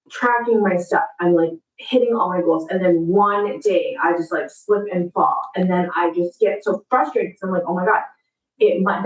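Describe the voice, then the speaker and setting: A woman's voice: fairly low pitch, reverberant, recorded from a distance, dull audio. A woman in her thirties chatting casually, upbeat and encouraging, giving a motivational pep talk to her viewers.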